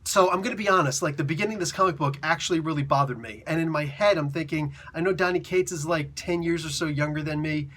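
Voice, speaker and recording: A man in his forties talks through a comic book review with hyper, slangy energy. His voice sits a little higher than most men's and has a bright, forceful edge. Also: fast, few pauses. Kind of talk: excited casual review.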